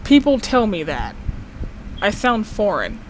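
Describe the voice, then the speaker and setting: A woman's voice: unhurried, slight background noise, low-quality recording. A young woman from Texas chatting casually and animatedly, acting out quotes as she tells stories. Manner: animated storyteller, acts out quotes with wide pitch jumps. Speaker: co-host of a gaming video. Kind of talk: casual chat.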